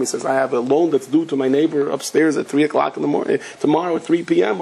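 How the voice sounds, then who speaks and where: A man's voice: fairly even intonation, fast talker, vocal fry, few pauses, a little mellow, husky. A man, a rabbi teaching a Torah class, telling stories and acting out the voices of the people in them. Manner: storytelling, acting out voices with swings of pitch.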